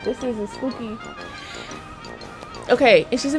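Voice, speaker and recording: A woman's voice: a little high, normal speed, a little mellow, faint music behind. A woman nail technician chatting casually while working, slangy and checking in with her viewers. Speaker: nail technician and channel host. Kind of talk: casual chat while doing nails.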